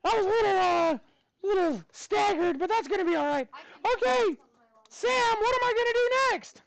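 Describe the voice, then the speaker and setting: A man teaching a math class while voicing a cheerful, squeaky male cartoon mouse in a bouncy falsetto. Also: expressive, normal speed, vocal fry, full character voice. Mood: cheery.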